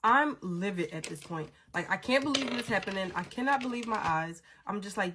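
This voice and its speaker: A woman vlogger telling a story in a casual, animated, dramatic way, swearing freely. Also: mid-range voice, fairly quick, few pauses, a little hiss or hum.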